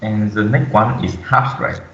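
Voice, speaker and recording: A man's voice: lowish voice, fairly even intonation, a bit bright. Young man presenting, echoey distance. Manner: halting, reads aloud with frequent "uh" fillers. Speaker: student presenter. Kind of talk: class presentation read from slides. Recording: echoey room, distant dull mic.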